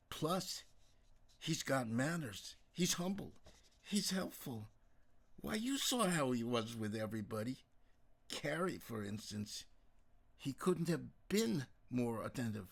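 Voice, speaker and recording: A man voicing a fond, gentle middle-aged mother in an audiobook. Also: medium pitch, gravelly, breathy edge, exaggerated voice. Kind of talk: audiobook character voice.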